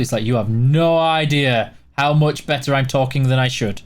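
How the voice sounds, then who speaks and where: A man with a softened Yorkshire accent, hosting a casual livestream and reading out chat questions before answering them in a chatty way, with plenty of "uh"s. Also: medium pitch, normal speed. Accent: Yorkshire, softened toward neutral British. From Yorkshire, England. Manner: chatty, reads questions aloud then answers with many "uh"s.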